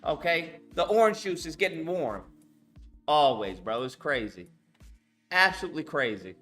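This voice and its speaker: A man's voice: fairly high pitch, lively intonation, normal speed, sharp tone, faint music behind. A man hosting a reaction commentary, talking bluntly and mockingly with lots of profanity. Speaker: commentary host reacting to a video.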